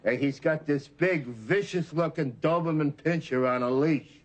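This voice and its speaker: A man playing a gruff, blustering middle-aged police chief in a 1980s sitcom. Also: fairly high pitch, unhurried, highs cut off, natural voice. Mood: mocking. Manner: gruff, joke-telling, flustered. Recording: studio audience laughter behind.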